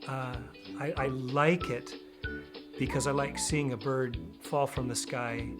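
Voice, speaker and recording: A man's voice: medium pitch, fairly even intonation, slow, over loud music. A man, a children's author and falconer, answering interview questions in a rambling way. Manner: rambling, with many restarts.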